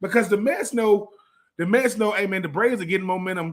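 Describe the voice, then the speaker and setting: A man's voice: sits high, a little fast. A man co-hosting a casual sports talk show, emphatic and fond of repeating phrases for effect. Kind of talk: casual sports radio chat.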